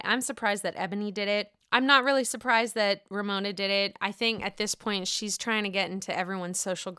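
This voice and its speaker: A woman's voice: mid-range voice, pushed and bright, smooth, no room sound, clean studio sound. A young woman hosting a casual podcast, recapping a reality show in a chatty, gossipy way and swearing freely. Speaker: podcast host.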